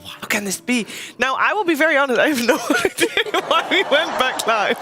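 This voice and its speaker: A man's voice: extremely high pitch, big pitch swings, normal speed, music in the background. A man hosting an esports panel, bantering casually and laughing often. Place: studio desk.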